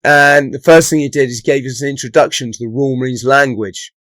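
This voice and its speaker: A London-born Englishman raised in the Southwest, this former Royal Marines commando hosts a channel and tells casual stories to camera. His mid-range voice is steady, fairly quick and fairly bright, recorded with no room sound. He chats easily and keeps tacking on "right?" tag questions.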